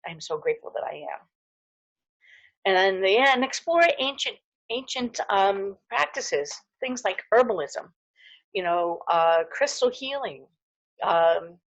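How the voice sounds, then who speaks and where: A woman's voice: fairly low pitch, creaky, slightly rough, dry recording, lo-fi sound. A middle-aged woman giving a casual, heartfelt wellness talk to camera, earnest and full of fillers and restarts. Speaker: holistic dental hygienist.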